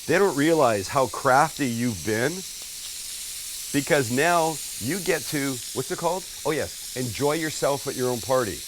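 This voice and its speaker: A middle-aged man hosts a casual cooking demonstration at an outdoor flat-top grill, chatting and joking with the viewer as he works. His voice sits at an ordinary middle pitch. He is heard from a little way off the mic, with a faint sizzle of food behind him. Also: unhurried, recorded from a distance, noisy background. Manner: chatty, joking, talks to the viewer while working. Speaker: cooking show host.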